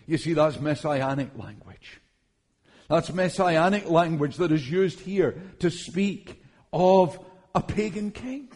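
A male preacher giving a sermon, his voice sitting a little higher than most men's. He speaks slowly and earnestly, drawing out each phrase, and addresses the congregation as friends. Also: lively intonation, a little mellow.

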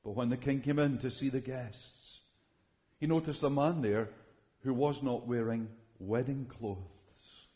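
Male scripture reader, mid-pitched, very slow and solemn, deliberate phrasing. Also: mellow. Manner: measured, solemn delivery with long pauses. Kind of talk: slow, deliberate Bible reading.

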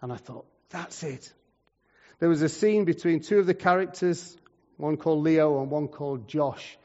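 A man's voice: on the high side, moderate pace. Man, sermon, conversational storytelling, long reverb, dull muffled sound. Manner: conversational, swings between loud and quiet. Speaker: preacher.

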